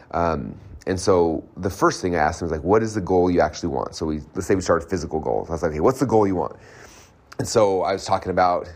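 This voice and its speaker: A man talking to camera about setting goals in a motivational tone, emphatic and peppered with fillers and quick "right?" asides. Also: sits low. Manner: fast, emphatic, many fillers and rhetorical "right?"; grows animated and exclamatory. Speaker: entrepreneur and coach sharing advice.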